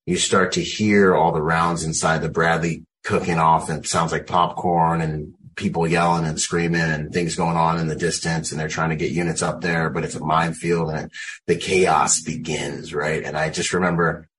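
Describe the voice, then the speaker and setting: A man in his forties, a Marine combat veteran and interview guest, telling animated war stories on a video call from home and dropping "man" and "you know" throughout. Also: extremely low pitch, normal speed, a little hiss or hum. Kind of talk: casual storytelling on a video call.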